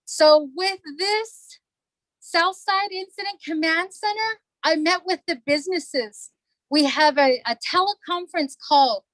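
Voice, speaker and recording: A woman's voice: sits high, a bit bright, dry recording, poor audio. A middle-aged woman, a council delegate, addressing a community meeting in an earnest, emotional way and repeating herself for emphasis.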